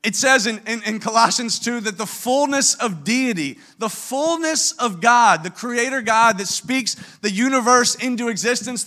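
Guy pastor preaching, kinda high voice, earnest and emphatic, restarts a lot. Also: sharp tone. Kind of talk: sermon.

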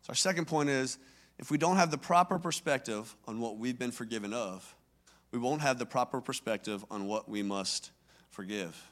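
A man's voice: mid-range voice, normal speed. A man from Louisiana, preaching a sermon and telling his own story in an earnest, conversational way that grows emphatic. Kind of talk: personal testimony sermon.

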